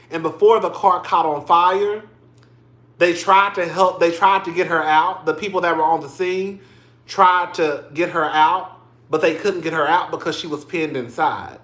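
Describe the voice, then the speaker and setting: A man with a high, bright voice talks through his livestream at an unhurried pace. He is chatty and emotional, addressing his listeners as "girl" and "y'all". The sound rings a little, like a small bare room. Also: echoey room. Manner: emotional, tearing up on stream. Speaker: livestream commentary host. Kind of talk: casual livestream commentary.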